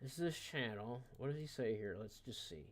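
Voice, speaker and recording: Male streamer, mid-pitched, casual mocking reaction talk, swears a lot. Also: expressive, brisk, a little hiss or hum. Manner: mocking, profane, rambling. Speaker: live streamer.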